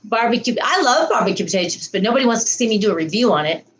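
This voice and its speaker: A woman's voice: fairly high pitch, sing-song, very fast, low-quality recording. A woman hosting a casual livestream, rambling through a story and greeting viewers' comments. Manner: frequent laughs and restarts. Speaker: livestream host.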